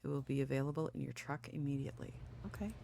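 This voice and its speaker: A gaming channel host playing a game, reading on-screen tutorial text aloud with quick casual asides, sleepy and yawning. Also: mid-range voice, steady tone, creaky, mellow, no room sound. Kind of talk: casual let's play commentary.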